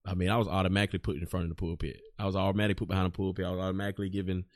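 A man hosting a casual podcast conversation, talking haltingly with many restarts and fillers. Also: sits low, little pitch movement, dry recording, studio quality. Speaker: podcast host. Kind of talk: casual chat.

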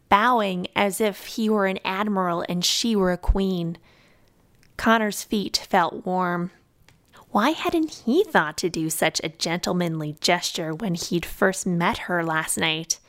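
A woman narrating a fantasy novel in a calm, measured storytelling voice. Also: mid-range voice, no room sound. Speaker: audiobook narrator. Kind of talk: scripted narration.

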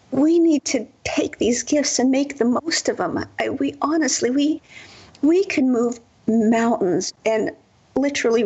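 Gravelly, husky woman telling spiritual stories. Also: on the high side, darkish tone, muffled recording. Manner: earnest, rambling, with many restarts. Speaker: guest. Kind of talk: spiritual storytelling in an interview.

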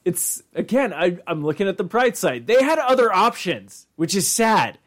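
Animated crude podcast co-host man. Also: high-pitched, normal speed. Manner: crude, animated, acts out quotes. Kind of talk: casual comedic banter.

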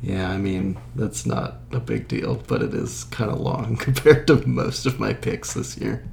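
A man's voice: on the low side, very animated, a little slow, gravelly, darkish tone, a little hiss or hum. A man co-hosting a casual podcast chat, laid-back, laughing often and trailing off mid-sentence. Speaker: podcast co-host.

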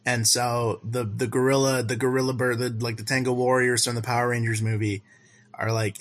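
A man's voice: mid-range voice, flat delivery, brisk, background noise. Man, podcast co-host, casual episode recap, rambling and amused, mid-range voice. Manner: rambling, amused storytelling with acted-out quotes.

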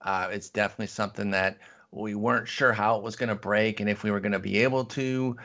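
A man co-hosting a fantasy baseball show, giving steady, lengthy answers in a radio interview about his picks. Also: on the low side, quick pace.

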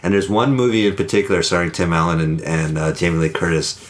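A man with a low voice co-hosts a casual podcast. He tells jokes and acts out the voices in them. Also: fairly even intonation, fast. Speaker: podcast co-host. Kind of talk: casual chat.

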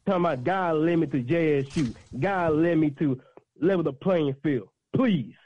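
Fiery high-voiced man. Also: expressive, moderate pace, lo-fi sound. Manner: fiery, repetitive, preacher-like emphasis. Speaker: activist guest. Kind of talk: impassioned call-in commentary.

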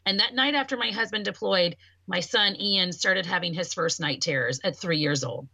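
A woman in casual podcast conversation, telling a personal story in an animated way and voicing the people she quotes. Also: on the low side, moderate pace, creaky, no echo. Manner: voices quoted speech. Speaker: podcast talker.

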